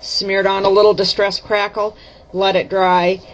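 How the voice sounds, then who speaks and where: A woman's voice: medium pitch, flat delivery, a little slow, a little hiss or hum. A woman chatting casually to camera as she shows her craft projects, correcting herself and explaining each step. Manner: chatty, self-correcting, folksy. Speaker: craft vlogger. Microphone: camera mic. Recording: dull lo-fi camera audio.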